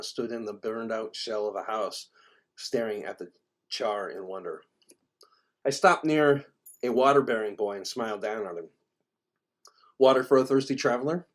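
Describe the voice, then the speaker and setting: A man reads his own dark fantasy tale aloud in the first person. His voice sits fairly low, and he trips and restarts on words now and then. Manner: first-person narration with small stumbles and restarts. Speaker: author reading his own fiction. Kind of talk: reading a fantasy story aloud.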